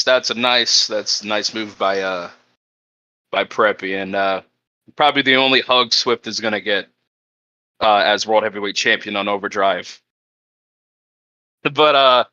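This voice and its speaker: A man's voice: mid-range voice, pushed and bright, dry recording, highs cut off. A man hosting a backstage wrestling interview, upbeat and hyping the show.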